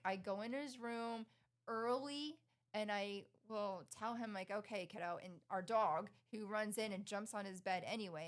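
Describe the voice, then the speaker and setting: A middle-aged woman co-hosting a casual podcast chat, bubbly and quick to laugh, acting out her mornings with her son. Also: medium pitch. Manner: bubbly, laughs often, animated retellings. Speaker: podcast co-host.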